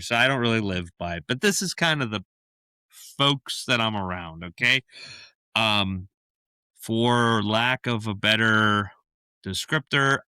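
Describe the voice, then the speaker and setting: A man co-hosts a casual podcast chat and tells a long story with a lot of energy. His voice sits low but has a very bright, forceful edge. He laughs often mid-sentence, and the sound is dry and close with no room echo. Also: smooth. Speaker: podcast co-host.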